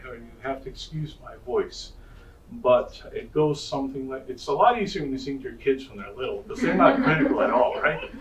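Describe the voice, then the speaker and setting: A man's voice: medium pitch, a bit bright. A man from Norway with a Norwegian accent, casually telling childhood stories in a presentation, chatty and self-deprecating, with many restarts. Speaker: college counselor giving a presentation. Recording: roomy, distant mic with faint ambience.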